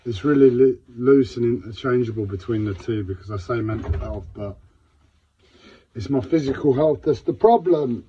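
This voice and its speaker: A man's voice: medium pitch, moderate pace, mellow, a little hiss or hum. A man talking unscripted on a live stream, in physical pain and distressed, with raw, repetitive speech and heavy swearing. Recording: dull lo-fi live-stream audio.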